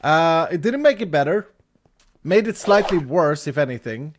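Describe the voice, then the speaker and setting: Speaking English at normal speed, this Swedish streamer in his thirties has a fairly high voice, with slight background noise in the clip. He animatedly tells a story mid-game, with restarts and laughter along the way.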